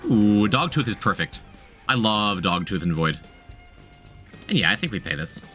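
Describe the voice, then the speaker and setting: A man's voice: lowish voice, very animated, normal speed, a bit bright, soft background music. A man streaming a game, chatting casually, thinking aloud, repeating himself and talking to his chat. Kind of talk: casual gameplay commentary.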